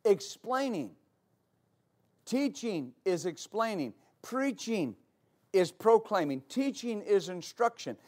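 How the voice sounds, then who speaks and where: A man preaching a sermon as pastor, explaining at length and building to shouts. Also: sits high, sing-song, slow pace.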